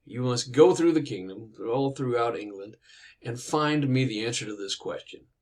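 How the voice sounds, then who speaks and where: A man's voice: mid-range voice, lively intonation, normal speed, a little mellow, distant mic, lightly acted. A man doing a demanding queen. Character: commanding queen.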